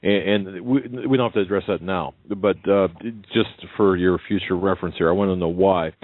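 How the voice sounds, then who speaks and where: Deep-voiced male radio host on a phone line. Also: dry recording. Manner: halting, many restarts and fillers. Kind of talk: radio interview. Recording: tinny phone line, dry.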